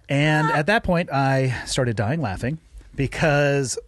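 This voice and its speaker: A man hosting a podcast, joking and swearing freely in casual conversation, with a husky voice. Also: medium pitch, measured pace, dry recording, studio quality. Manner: profane, joking. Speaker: podcast host.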